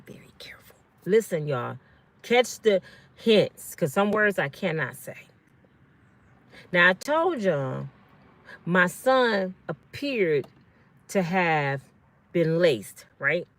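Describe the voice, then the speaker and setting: A middle-aged woman telling a personal story to her live-stream viewers in an earnest, pleading way, often repeating herself. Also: on the low side. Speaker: vlog host.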